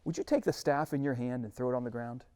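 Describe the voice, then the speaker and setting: A man voicing God as calm and patient, speaking slowly, softly and reassuringly in a sermon. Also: medium pitch, clear, resonant tone, pitched below the performer's own voice, lightly acted. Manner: slow, soft, reassuring. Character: calm patient God, deep-voiced and unhurried. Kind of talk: sermon retelling with character voices.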